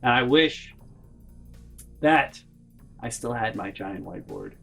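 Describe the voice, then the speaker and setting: A man with a middle-pitched voice rambles through a personal story, swearing freely and restarting his sentences. His delivery is animated and casual, with faint music playing behind him. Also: takes it slowly, creaky. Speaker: vlogger.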